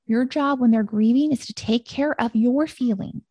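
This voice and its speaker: A woman hosting a solo podcast, giving a gentle, reassuring teaching talk that repeats calming phrases. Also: fairly high pitch, moderate pace, dry recording. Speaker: podcast host.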